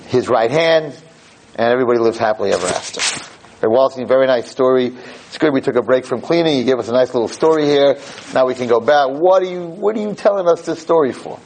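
A man teaching a Torah lesson through animated storytelling, repeating phrases for emphasis. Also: mid-range voice, fairly quick, slight background noise, rough recording.

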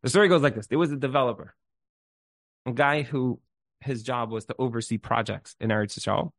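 A man's voice: medium pitch, brisk, no echo. Dry, close-miked man telling a story. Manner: animated storyteller, restarts and repeats words. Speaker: speaker giving a Jewish inspirational talk. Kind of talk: inspirational talk with storytelling.

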